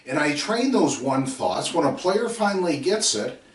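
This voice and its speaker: A man's voice: on the high side, very animated, normal speed. A middle-aged man giving a coaching lecture, emphatic and repetitive, telling stories and acting out his players. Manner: emphatic, repeats drill calls, acts out players. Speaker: football coach. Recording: roomy sound from a distant mic.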